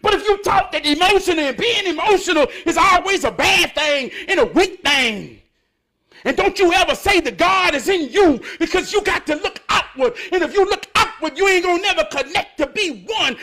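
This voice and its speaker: A man giving an emotional motivational monologue, fervent and preachy, cursing and laughing, swinging between loud outbursts and hushed talk. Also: very high-pitched, expressive, moderate pace. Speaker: motivational speaker.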